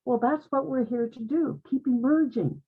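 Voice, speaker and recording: Over a tinny, phone-like connection, a woman guest speaker addresses an online group with a sincere, inspiring spiritual talk, repeating her phrases frequently. She has a high, slightly rough voice and talks at a normal speed.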